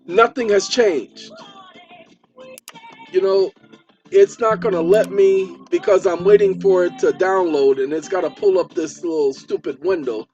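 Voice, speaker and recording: High-voiced chatty man lecturing viewers. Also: measured pace, a little mellow, dull audio, soft background music. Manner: chatty, repeats for emphasis, talks while typing. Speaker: channel host.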